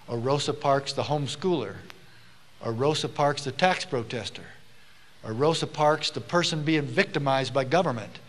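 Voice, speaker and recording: A former sheriff giving an emphatic public speech to a live audience, telling stories and acting out the people he quotes. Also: fairly high pitch. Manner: emphatic, swells to loud rallying stresses; storytelling, acts out the people he quotes. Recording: long hall reverb.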